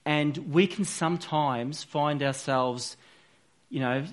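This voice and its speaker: A man's voice: a little high, slow. A man giving an informal, earnest sermon, talking conversationally with frequent restarts and fillers. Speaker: preacher.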